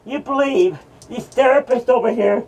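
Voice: mid-range voice, normal speed, darkish tone, recorded from a distance, lightly acted, low-quality recording. A performer voicing a mocking male madman from hell who hosts a horror rant, taunting and cursing at the listeners. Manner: ranting, taunting, cackling, profane.

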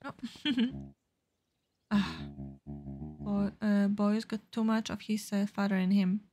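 A woman's voice: mid-range voice, fairly even intonation, slow, dark tone, faint music behind. A woman casually reading game dialogue aloud as a let's play host, with fillers.

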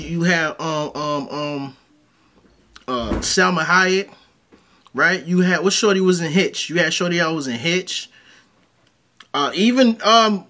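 A man's voice: sits high, pushed and bright. A man with a New York accent, co-hosting a casual podcast, combative and slangy, repeating his points. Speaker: podcast co-host. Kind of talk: casual argumentative chat.

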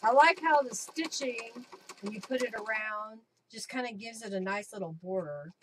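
A woman's voice: a little high, normal speed, noisy background. A woman hosting a casual craft live stream from her home craft room, chatting and thinking aloud as she works.

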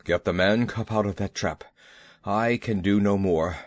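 A man voicing a stern, low-voiced panther. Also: animated, unhurried, no room sound. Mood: urgent. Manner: gasping, stern. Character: proud male black panther, tired and stern.

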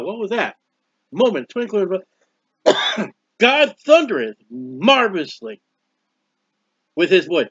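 High, bright-voiced emphatic preacher man. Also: no room sound. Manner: emphatic, repetitive, rises to loud exclamations. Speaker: street preacher. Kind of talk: bible teaching sermon. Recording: dull muffled lo-fi audio.

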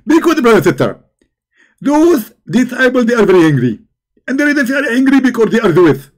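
A man doing a mocking impression of an excitable, boastful male preacher who speaks in rapid, childish bursts. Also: very high voice, pitched above the performer's own voice.

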